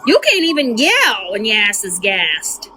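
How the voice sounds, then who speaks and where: A woman's voice: mid-range voice, huge pitch swings, measured pace, pushed and bright, slight background noise. A woman streamer reacting to a clip, roasting the speaker with mocking, teasing commentary. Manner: teasing, roasting, exaggerated squeals.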